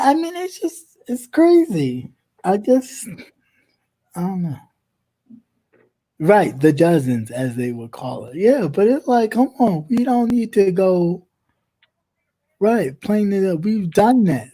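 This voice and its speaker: A man in his thirties co-hosting a casual livestream chat, talking in a laid-back way with drawn-out phrases. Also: sits high, big pitch swings, warm tone, husky. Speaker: co-host.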